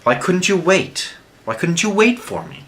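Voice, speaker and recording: Guy doing a big burly thief yelling raw and angry, pitched up. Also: normal speed. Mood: anguished. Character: big burly male thief, fierce, anguished.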